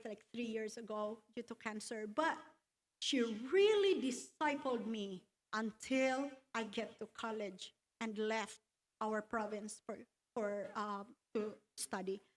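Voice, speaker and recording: A woman telling her personal faith testimony at a church luncheon, slow and earnest, quoting scripture along the way. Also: fairly high pitch. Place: church hall.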